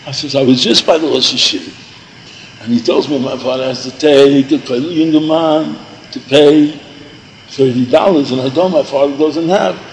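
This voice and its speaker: A man's voice: mid-range voice, normal speed, slight background noise, poor audio. An older man telling a meandering personal story, repeating himself and dropping in Yiddish and Hebrew words. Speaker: storyteller recalling yeshiva days.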